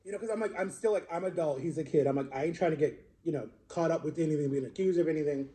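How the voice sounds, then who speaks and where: A man's voice: on the high side, rapid-fire, dark tone. A young adult man telling a long personal story in a casual, rambling way, full of fillers and restarts. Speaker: social media creator.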